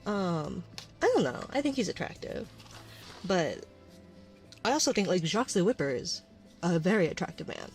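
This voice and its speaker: A woman streamer chatting casually in an ASMR stream, rambling and often dropping into a soft whisper. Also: on the low side, sing-song, normal speed, pauses often, faint music behind. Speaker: VTuber streamer.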